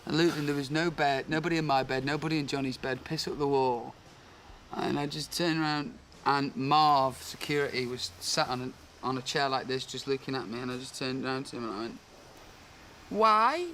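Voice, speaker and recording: A man's voice: medium pitch, little pitch movement, brisk, a bit bright, a little hiss or hum. A young man chatting backstage, sardonic and joking, with frequent swearing. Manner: wisecracking, sardonic, swears freely. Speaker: pop singer. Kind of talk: casual backstage chat. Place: backstage room.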